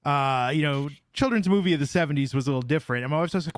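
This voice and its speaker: A man's voice: fairly high pitch, very fast, no room sound. A man hosting a podcast in casual chat, telling stories with wry, dry humor. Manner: wry storytelling, dry jokes. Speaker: podcast host.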